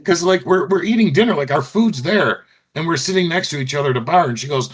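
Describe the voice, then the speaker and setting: A man's voice: fairly high pitch, quick pace, fairly bright tone. A man hosting a casual chat, rambling through anecdotes and laughing often while recovering from surgery. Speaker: show host.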